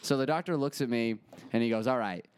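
A man's voice: mid-range voice, fast, clear, resonant tone. Casting: young male podcast co-host, crude comic storyteller, laughs a lot. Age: 20s. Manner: crude, laughs often, acts out quotes. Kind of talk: casual comedic storytelling.

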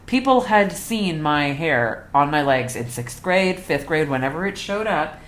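A woman's voice: low-pitched, animated, a little slow. A woman co-hosting a podcast, chatting casually and relating anecdotes. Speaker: podcast co-host. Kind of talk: casual chat.

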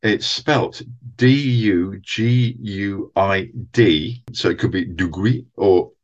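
A man with a fairly low voice talks through old television credits one by one, steady and methodical. The recording sounds dull and lo-fi, as if the top end has been shaved off. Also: slow pace. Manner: methodical, reads out credits and dates. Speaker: podcast co-host. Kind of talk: casual chat about old TV.

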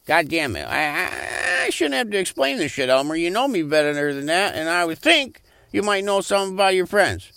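A man's voice: high voice, animated, normal speed, gravelly, pushed and bright, clear, resonant tone, no room sound, clean studio sound. A young man co-hosting a crude comedy podcast, mumbling and rambling with vulgar jokes. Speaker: podcast co-host.

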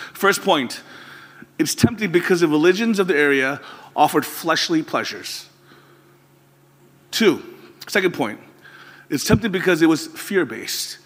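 Male pastor, sermon delivery, earnest with exasperated bursts, higher husky tone. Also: in a large hall. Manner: earnest, rising to exasperated outbursts.

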